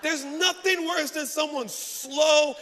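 High bright-voiced preacher in a reverberant hall. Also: male voice, slow pace. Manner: animated, acts out voices, self-mocking humor. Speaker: pastor. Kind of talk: sermon with storytelling.

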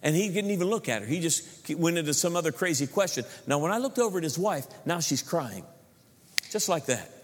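A man's voice: fairly high pitch, big pitch swings, fairly quick, slight background noise. A man preaching a sermon as pastor, telling stories animatedly and acting out the people he quotes. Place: church sanctuary. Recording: long reverb of a church hall.

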